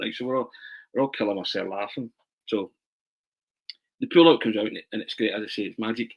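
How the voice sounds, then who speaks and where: A man's voice: on the low side, low-quality recording. A man, a journalist being interviewed, telling stories with lots of laughter and restarted phrases. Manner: animated, laughing, repeats and restarts his words. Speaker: journalist and writer, interview guest. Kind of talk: anecdotal storytelling in an interview.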